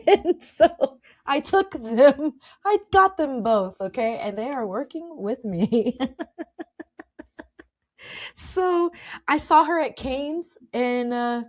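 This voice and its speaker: A woman's voice: sits high, expressive, slow pace, long pauses. Chatty woman telling work stories. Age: adult with children. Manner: chatty and emphatic, often tags "okay?", laughs often. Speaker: podcast host. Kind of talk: casual storytelling monologue.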